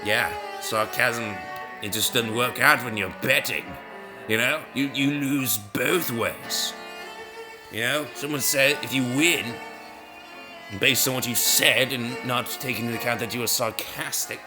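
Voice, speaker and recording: A man's voice: medium pitch, measured pace, over music. A man rambling through casual, self-mocking commentary while he plays brain-training games. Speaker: gaming video host.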